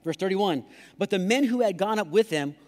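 A man preaching a lively sermon as pastor, joking and putting on voices to act out excuses. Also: high voice, normal speed. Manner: playful, acts out excuses in put-on voices. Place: large church hall. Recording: live church hall reverb.

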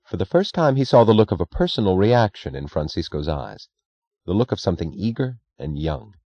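Man, audiobook narrator, very low voice, measured, dry muffled lo-fi recording. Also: sing-song, creaky, no echo.

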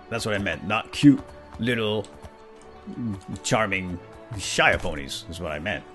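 Guy doing a goofy flustered knight bossing his pets around, low-ish voice, bouncy pitch. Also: animated, moderate pace, fairly bright tone. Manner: playful, bumbling knight persona talking to his animals. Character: bumbling self-important male knight, fussy and flustered. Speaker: role-play gamer narrating in character. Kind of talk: comedic in-character role-play. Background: faint background music.

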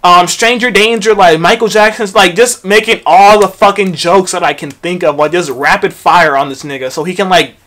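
A young man recounts a school story for his vlog, swearing freely and jumping into lively acted-out quotes. His voice sits a bit higher than most men's. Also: moderate pace, hardly any pauses. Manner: profane, animated retelling with acted-out quotes. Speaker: vlogger.

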